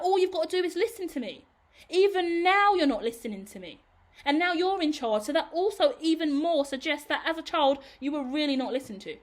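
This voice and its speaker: A woman reading tarot to her viewers in an emphatic, sassy, blunt pep-talk manner. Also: sits high. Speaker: tarot reader. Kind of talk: tarot reading monologue to camera.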